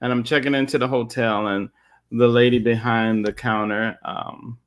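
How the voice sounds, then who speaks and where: A man's voice: mid-range voice, fairly even intonation, normal speed, smooth. A man in a casual church panel discussion, telling a story in a conversational way. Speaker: guest speaker.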